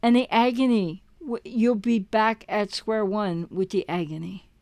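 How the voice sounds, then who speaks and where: Unhurried and a little mellow, a relationship recovery coach's medium-pitched voice carries an impassioned direct-to-camera monologue. She asks rhetorical questions and repeats words for emphasis, with no room sound in the recording.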